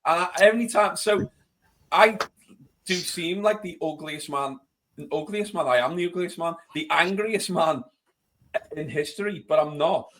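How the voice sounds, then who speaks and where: A man's voice: fairly high pitch, moderate pace, a bit bright. A man telling a self-deprecating story in casual chat as a podcast panelist.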